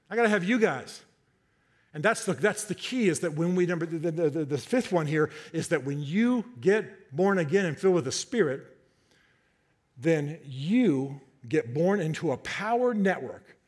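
A man preaching a sermon to a congregation, animated and joking, often repeating and restarting his words. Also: on the high side, slightly rough. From Southern United States, half his family.

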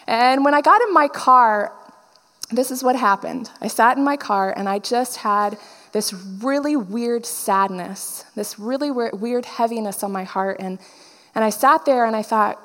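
Woman preacher sharing her story, acts out the quotes, kinda high voice. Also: unhurried, fairly bright tone, in a large hall. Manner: storytelling, acting out quoted dialogue. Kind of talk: personal testimony sermon.

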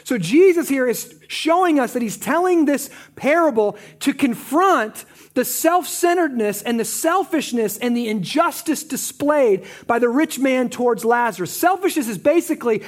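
A pastor preaching a sermon, moving between emphatic points and low, quiet stresses. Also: animated, moderate pace.

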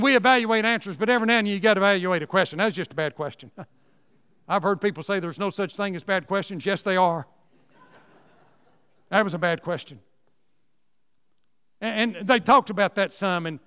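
High-voiced preacher, folksy. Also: male voice, fairly bright tone, clear, resonant tone. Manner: folksy storytelling, repeats words, rising emphatic asides. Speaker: Sunday school teacher and speaker. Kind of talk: folksy Southern Baptist teaching talk. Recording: long hall reverb.

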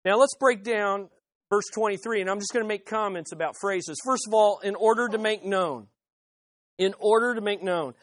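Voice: medium pitch, moderate pace, dry recording. Preacher, expository sermon, rhetorical questions, emphatic repetition, dry close sound. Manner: emphatic, repeats key phrases; swings between loud peaks and hushed asides. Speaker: pastor.

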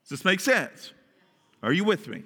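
A man preaching a sermon as pastor, animated and often asking his listeners questions. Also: high voice, moderate pace, breathy edge, in a large hall. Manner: animated, asks the congregation questions.

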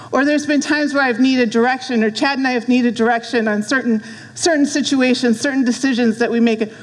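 Middle-aged woman, guest preacher, higher voice, earnest storytelling, long hall reverb. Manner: earnest storytelling with asides to the room. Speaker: guest speaker. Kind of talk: sermon. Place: church hall.

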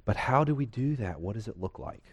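Low-voiced male pastor, conversational sermon. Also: animated, brisk, husky, dull audio. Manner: conversational, asks the room questions, retells a comedy scene. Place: church hall with a congregation.

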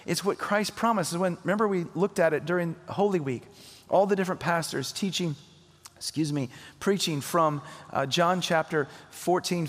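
Earnest male pastor preaching in a hall. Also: fairly high pitch. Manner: conversational preaching, earnest and emphatic. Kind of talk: sermon.

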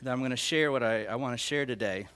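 Speaking fast in a smooth, medium-pitched voice with a fairly bright tone, a middle-aged pastor describes his prophetic dreams in a sermon. His delivery is earnest and emotional, full of repeated and restarted phrases.

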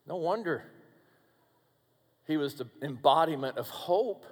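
A man preaching a sermon, calling his listeners friends, dramatic and shifting between booming and hushed delivery. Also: lively intonation, measured pace, long reverb tail. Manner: addresses listeners directly as friends.

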